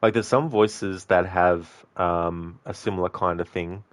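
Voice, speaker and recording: A man streams a game and chats casually with his viewers, answering them and swearing freely. His voice is low-pitched and steady, his pace unhurried, with no room sound.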